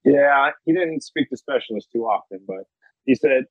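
A man's voice: medium pitch, expressive, moderate pace, husky, no room sound. A man in his thirties from South Florida, a football player guest, telling laid-back stories in a casual interview. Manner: laid-back, storytelling, laughs often. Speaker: guest, NFL punter. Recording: tinny phone-line sound.

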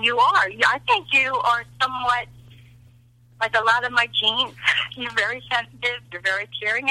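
A woman's voice: on the high side, pushed and bright, no room sound, low-quality recording. Effusive grandmother in her seventies. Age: 70s. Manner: effusive and emotional. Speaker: phone caller, grandmother of a co-host. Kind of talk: casual phone chat.

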